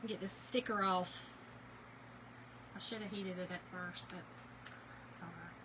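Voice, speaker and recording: A Kentucky woman with a lowish, steady voice hosts a casual craft live stream, speaking unhurriedly over a noisy background. She chats as she works, addressing viewers by name and saying "y'all".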